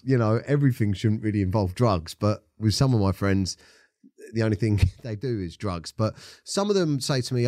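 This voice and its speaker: A man's voice: on the low side, normal speed, a little mellow, no echo, studio quality. A man co-hosting a podcast, giving reflective, supportive advice to a listener. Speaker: podcast co-host. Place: podcast studio.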